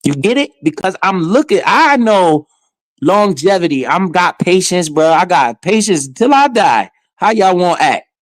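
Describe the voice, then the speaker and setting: A man with a high-sitting, very animated voice talks a little slowly, with no echo. He is streaming live, offering casual, slangy commentary laced with swearing and often addressing his chat directly.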